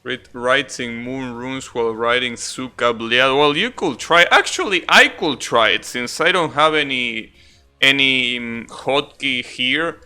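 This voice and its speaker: Young male streamer, casual chat, unhurried delivery, keeps correcting himself, loud music behind. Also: medium pitch, clear, resonant tone. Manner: rambling, self-correcting, swears casually, laughs at own jokes.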